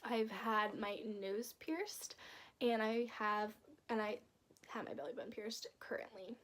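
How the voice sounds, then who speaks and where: A woman's voice: fairly high pitch, measured pace, fairly bright tone. A young woman vlogging in a casual, rambling way, full of "like"s and restarts. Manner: chatty, rambling with many "like"s and restarts. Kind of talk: casual chat.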